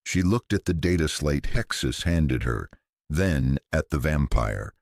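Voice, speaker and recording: Very deep male story narrator. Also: animated, a little slow, gravelly, darkish tone, dry recording, clean studio sound. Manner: grave, dramatic storytelling.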